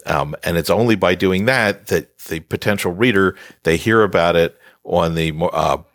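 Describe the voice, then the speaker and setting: Deep-voiced man giving emphatic advice. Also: moderate pace, a bit bright, no echo. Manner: emphatic, lecturing with playful scolding. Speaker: author guest. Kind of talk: podcast interview, explaining advice.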